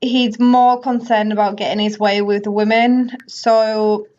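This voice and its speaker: A woman's voice: medium pitch, little pitch movement, darkish tone. A woman giving casual, chatty commentary over a life-sim game, now and then voicing characters. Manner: chatty, voices characters in quick asides. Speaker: gaming video host. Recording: slightly dull lo-fi audio.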